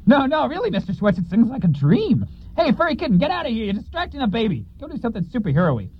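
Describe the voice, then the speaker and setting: A man's voice: extremely high pitch, huge pitch swings, fast, breathy edge, exaggerated voice. A man playing a flustered, fussy male studio boss in a comedy audio play, talking in an exasperated, wheedling way. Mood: pleading. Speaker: studio owner. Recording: dull lo-fi recording.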